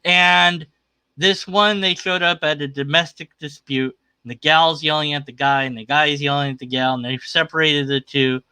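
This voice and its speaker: A man's voice: fairly high pitch, steady tone, moderate pace, sharp tone, smooth, no room sound. A man hosting a livestream, giving casual, skeptical commentary on a video in a rambling, argumentative way. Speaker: livestream host reacting to a video.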